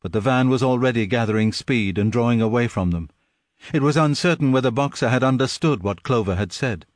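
A man reading a story aloud in steady, measured audiobook narration. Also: mid-range voice, no room sound, clean studio sound. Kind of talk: scripted narration.

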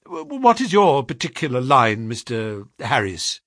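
A man voicing a shaken, nervous middle-aged company man who stammers and strains to sound calm. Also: medium pitch, unhurried, no echo, studio quality.

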